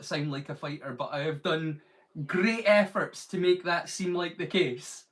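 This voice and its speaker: Chatty high-voiced man hosting a stream. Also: measured pace, a bit bright. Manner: chatty, rambling, reads chat aloud. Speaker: live-stream host. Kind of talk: casual live-stream chat.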